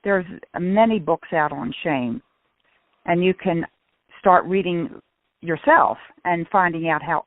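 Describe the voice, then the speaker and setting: A middle-aged woman speaking earnestly in a casual radio talk, often restarting and slowing down to stress points. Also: on the low side. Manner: earnest, with restarts and slow emphasis. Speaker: guest speaker on shame and guilt. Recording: tinny phone-like radio sound.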